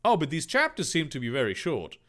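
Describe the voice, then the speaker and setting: A young man with a lively, bouncing voice that sits a touch high, reading a story aloud and breaking off into sarcastic, deadpan asides. He swears freely and shifts quickly between reading and riffing. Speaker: YouTuber reading fanfiction aloud. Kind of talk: comedic reading with commentary.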